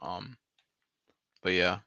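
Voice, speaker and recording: A man's voice: sits low, drawn-out words, creaky, sharp tone, clean tone, dry recording. A man in his twenties chatting casually on a live voice call, rambling in slang with lots of "like" and "bro". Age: 20s. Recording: dull lo-fi mic.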